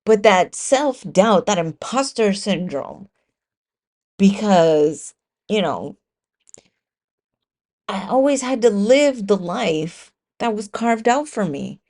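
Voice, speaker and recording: A woman's voice: medium pitch, lively intonation, slow pace, pauses often, darkish tone. A woman hosting her own podcast, talking alone in a raw, confessional way and swearing freely. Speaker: podcast host. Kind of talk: candid solo podcast monologue.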